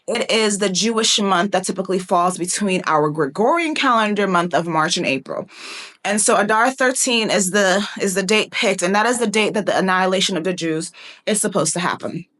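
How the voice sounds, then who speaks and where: A young woman giving a fast, chatty Bible teaching, playfully acting out the characters as she retells a story. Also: mid-range voice, fairly bright tone. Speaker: prophetic teacher.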